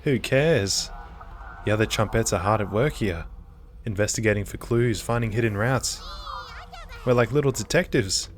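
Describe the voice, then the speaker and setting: A man's voice: fairly low pitch, moderate pace, long pauses, a little hiss or hum, natural voice. A man voicing a chirpy, bossy female cabbage character in a horror game, perky and dismissive.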